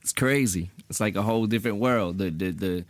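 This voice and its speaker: A young American man with a low voice talks in a relaxed, offhand way as a radio guest, giving short answers with a dry sense of humour. The studio sound is close and dry, with no room echo. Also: a little fast. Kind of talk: casual radio interview.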